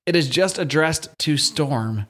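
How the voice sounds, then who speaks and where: Young male podcast co-host, jokey and rambling, voice a touch high. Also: expressive, unhurried, sharp tone. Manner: rambling, jokey, many fillers. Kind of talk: casual comic-book podcast chat.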